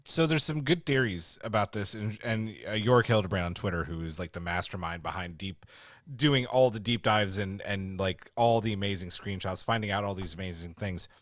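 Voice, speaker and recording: A man co-hosting a casual podcast review, animated and quick to laugh, sharing fan theories. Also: fairly low pitch, dry recording, clean studio sound. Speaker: podcast co-host.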